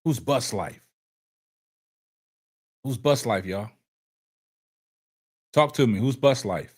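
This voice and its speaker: A man hosts a casual call-in sports livestream, animated and repetitive, reading chat out loud. His mid-range voice is slightly rough and slow, and he sounds choked up and keeps coughing.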